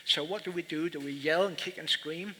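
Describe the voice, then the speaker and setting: Halting man moderating in a reverberant hall. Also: fairly high pitch, pushed and bright. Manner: halting, reflective, repeats words. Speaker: panel moderator. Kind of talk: panel discussion. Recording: reverberant hall, faint background noise.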